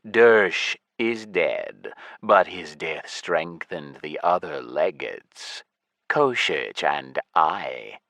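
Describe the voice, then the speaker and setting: A man voicing a cold, emotionless male lich who speaks slowly and states everything as plain fact. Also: a bass voice, gravelly, dry recording, pitched below the performer's own voice, exaggerated voice. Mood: cold flat. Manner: slow, flat, stating facts.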